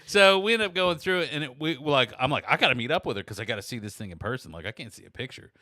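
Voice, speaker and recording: The clip is studio quality with no room sound: a middle-aged man hosting a podcast races through a long, casual story. He's lively, and when quoting people he acts them out with his pitch climbing.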